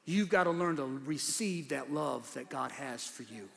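A pastor preaching a sermon, moving from quiet teaching to shouted, rhythmic preaching before his congregation. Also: fairly high pitch, lively intonation, normal speed, vocal fry. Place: large church hall with congregation. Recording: long hall reverb, faint crowd.

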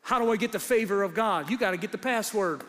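A pastor preaching a sermon, moving from quiet teaching to shouted, rhythmic preaching before his congregation. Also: sits high, quick pace. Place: large church hall with congregation. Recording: long hall reverb, faint crowd.

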